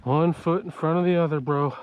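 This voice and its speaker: A man's voice: on the high side, fairly even intonation, a little fast, a little hiss or hum. A man out of breath, chatting casually to the camera while he hikes uphill outdoors on a trail. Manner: chatty, self-talking while walking uphill. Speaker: outdoor vlogger. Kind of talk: casual hiking vlog.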